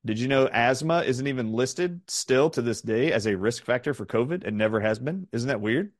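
A man's voice: medium pitch, animated, no echo, studio quality. A middle-aged man from the southern United States, an interview guest telling stories in an emphatic, questioning way. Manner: rapid-fire questioning, emphatic. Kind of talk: animated storytelling in an interview.

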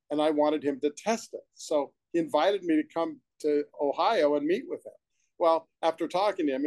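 A man's voice: fairly high pitch, a little mellow, dry recording. A man being interviewed as a guest, the founder of a supplement company, telling his story in a rambling, enthusiastic way from his room at home. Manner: rambling, enthusiastic, with restarts and asides.

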